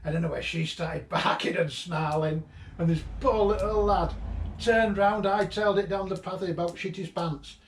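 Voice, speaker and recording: A man whose voice sits high talks at a moderate pace, chuckling as he fondly recalls a late friend in loose, rambling stories. He's a vlogger in an old house that's being cleared. The audio comes from a distant mic, roomy with a faint background hum of noise.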